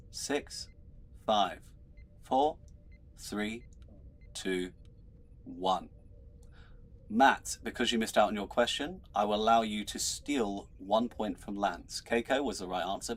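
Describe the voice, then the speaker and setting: A man's voice: lowish voice, slow, pauses often. A man hosting an online trivia show as quizmaster, chatty, laughing often and tripping over his words. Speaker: quizmaster host.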